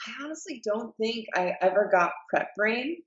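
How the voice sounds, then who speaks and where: A woman's voice: fairly high pitch, normal speed. A woman in her twenties from the American Midwest talks as a podcast guest in an easy, chatty manner. She fills her sentences with casual "like"s. The recording carries a roomy echo and a dull, lo-fi tone. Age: 20s. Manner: relaxed, chatty, lots of "like" fillers.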